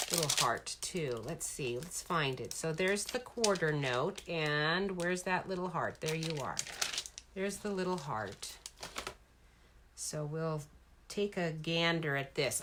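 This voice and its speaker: A woman's voice: low-pitched, noisy background. A middle-aged woman chatting casually as she makes a greeting card, rambling and talking to herself as she works. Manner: chatty, rambling, self-talk while working. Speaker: card-making crafter. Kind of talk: casual crafting demo chat. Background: paper crinkling and stamp clicks.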